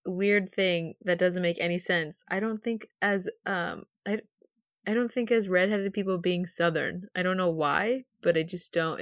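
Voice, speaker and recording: Young woman, tired podcast co-host, slightly low voice, dry and a bit dull recording, rambling casual chat. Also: unhurried, dry recording. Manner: chatty, rambling, laughs often. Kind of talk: casual book-discussion chat.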